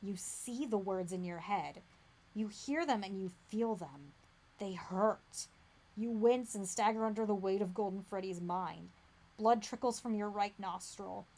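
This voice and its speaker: A woman acting as game master, reading a gamebook aloud with dramatic suspense that drops to a hush. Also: medium pitch.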